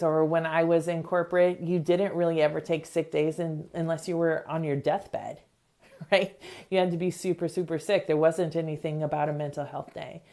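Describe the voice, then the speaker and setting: Warm in tone and on the low side, this middle-aged woman's voice carries a self-help podcast. Earnestly motivational, she breaks into brief acted-out examples using voices.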